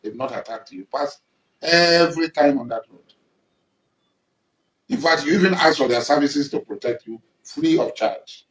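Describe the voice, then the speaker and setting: A man's voice: on the high side, normal speed, a bit bright. Angry Nigerian man, accusing, echoey. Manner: accusing, confrontational, repetitive. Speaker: militant leader addressing rivals. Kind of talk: angry public statement.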